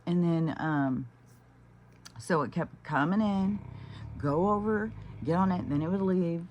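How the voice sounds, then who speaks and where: Middle-aged woman, low voice, heated profane rant, casual vlog, faint background hum. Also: unhurried, darkish tone, dull audio. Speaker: vlogger.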